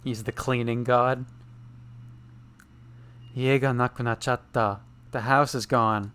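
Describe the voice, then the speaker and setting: A man chatting his way through a game on stream, reading its lines aloud and translating them as he goes. His voice is smooth and clear, sitting at an ordinary middle pitch, and his tone stays relaxed and amused. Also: unhurried, pauses often. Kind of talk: casual live-stream commentary with read-aloud translation.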